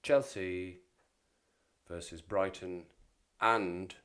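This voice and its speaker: Man doing a formal fixtures-announcer voice, deep and deliberate. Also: fairly even intonation, a bit bright, clean tone, full character voice. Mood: formal announcing. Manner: slow, deep, measured announcing.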